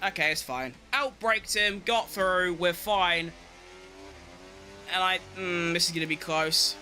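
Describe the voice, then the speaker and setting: A young man giving excitable live commentary on his racing game, talking to himself and swearing at rivals and his car. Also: high-pitched, a little slow, slight background noise. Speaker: game streamer.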